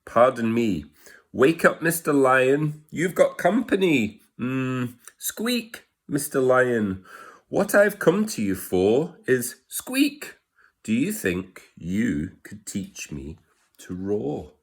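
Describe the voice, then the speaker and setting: A man voicing a tiny, timid male mouse who speaks in a high, squeaky, polite voice. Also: very animated, slow. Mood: nervous, polite.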